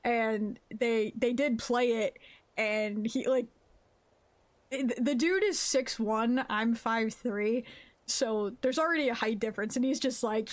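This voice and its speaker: A woman live-streaming a game, chatting casually with her viewers in an excitable, laughing way. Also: a little high, a little slow. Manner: greets chat viewers mid-game.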